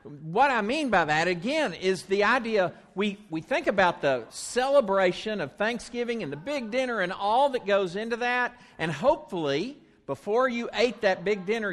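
A man giving a children's message in church, coaxing the kids to repeat short phrases slowly after him. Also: high voice, lively intonation, a bit bright. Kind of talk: children's message with call-and-response. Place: church sanctuary. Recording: long church reverb.

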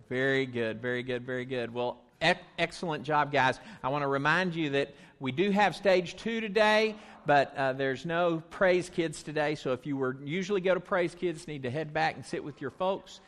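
A man giving a children's message in church, coaxing the kids to repeat short phrases slowly after him. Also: a little high, a bit bright. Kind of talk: children's message with call-and-response. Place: church sanctuary. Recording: long church reverb.

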